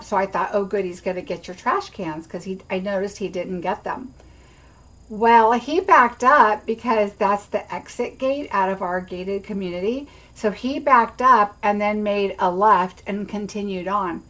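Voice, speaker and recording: A woman's voice: mid-range voice, fairly bright tone, rough recording. Chatty woman hosting a craft livestream. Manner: chatty, rambling, greets viewers by name. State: has the hiccups. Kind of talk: casual livestream chat.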